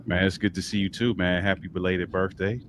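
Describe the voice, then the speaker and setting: A very deep-voiced man in his fifties chats easygoing and unhurried on a video call. Faint ambient noise sits behind his low voice. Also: steady tone, a bit bright. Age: 50s. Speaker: guest. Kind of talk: casual chat.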